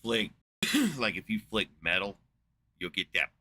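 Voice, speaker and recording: A man's voice: lowish voice, sing-song, unhurried, pushed and bright. A man hosting a podcast in casual chat, rambling and sarcastic with a lot of swearing. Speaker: podcast host.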